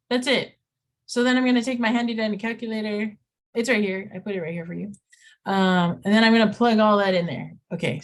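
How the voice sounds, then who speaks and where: A middle-aged woman teaching math in a recorded lesson, talking students through each step with playful asides. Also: mid-range voice.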